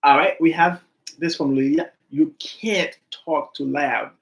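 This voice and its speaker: A man teaching an English grammar class online, animated and repetitive as he coaxes his students to give examples. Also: fairly high pitch, measured pace, creaky, highs cut off.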